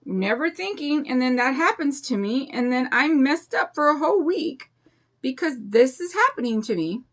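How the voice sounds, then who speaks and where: A woman's voice: sits high, sing-song, moderate pace, fairly bright tone. A woman in her fifties chatting in a rambling, confiding way while she paints, telling a personal story. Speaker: craft vlogger. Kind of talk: casual chat while painting.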